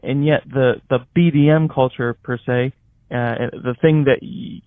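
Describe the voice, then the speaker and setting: A man's voice: medium pitch, no room sound. A man calling in to a live show, earnestly lecturing the hosts with formal business suggestions. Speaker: caller. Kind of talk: call-in suggestion. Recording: tinny phone line.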